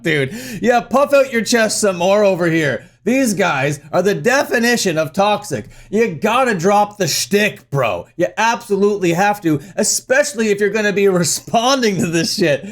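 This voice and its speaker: A man's voice: high-pitched, animated, moderate pace, hardly any pauses. A young man giving profane, sarcastic, incredulous commentary, mocking what he reads aloud.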